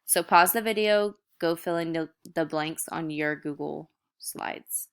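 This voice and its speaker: A woman's voice: deep voice, a little slow, smooth. A young woman teacher recording a video lesson, explaining step by step in a casual way.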